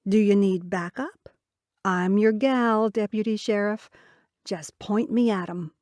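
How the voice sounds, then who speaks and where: A playful young woman with a teasing, jokey manner, read in an unhurried, mellow audiobook voice, as a woman narrator puts her on. The recording is dry and close, with no room sound. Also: medium pitch, dry recording, close to an everyday voice.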